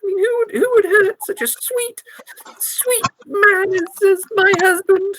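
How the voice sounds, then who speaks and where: A woman voicing Mrs Claus, a fussy, gossipy old granny, in a high quavering put-on voice during a tabletop game. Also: steady tone, measured pace, background noise.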